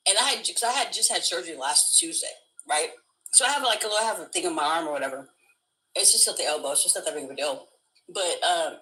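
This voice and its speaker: A middle-aged woman hosting a live stream, telling a story in casual chat, swearing freely and acting out loud shrieks. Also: mid-range voice, rough recording. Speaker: livestream host.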